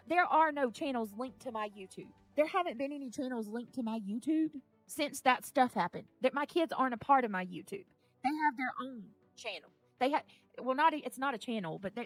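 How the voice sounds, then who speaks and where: A woman, talking on a livestream in a rambling way that swings into loud, angry outbursts. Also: sits high, no echo. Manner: rambling, repeats herself, grows angry and loud. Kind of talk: emotional livestream rant.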